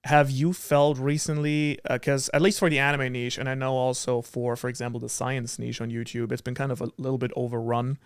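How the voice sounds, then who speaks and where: A man's voice: mid-range voice, little pitch movement, a little fast, hardly any pauses, smooth, no room sound, studio quality. A man hosting a casual podcast chat, asking curious, loosely rambling questions and agreeing readily. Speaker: podcast host.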